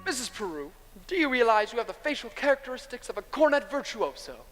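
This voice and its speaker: A man playing a slick, smooth-talking traveling salesman in a stage musical, glib and persuasive. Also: very high-pitched, big pitch swings, quick pace, music in the background. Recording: stage with long hall reverb, faint noise.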